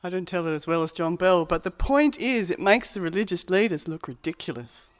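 A preacher delivering a sermon in a reflective, conversational tone. The voice sits at a middling pitch and keeps a plain storytelling manner. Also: animated, brisk.

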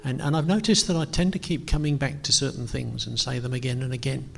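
A man's voice: mid-range voice, steady tone, quick pace, vocal fry. A middle-aged man preaching a sermon in a casual, hesitant way, full of ums and self-deprecating asides. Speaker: pastor. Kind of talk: conversational sermon. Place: church. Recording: long reverb of a church hall.

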